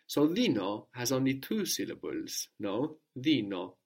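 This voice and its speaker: A man leads a language lesson at a medium pitch. He prompts with questions, patiently repeats each answer back and explains the rules step by step. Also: very animated, a little slow, darkish tone. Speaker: language teacher.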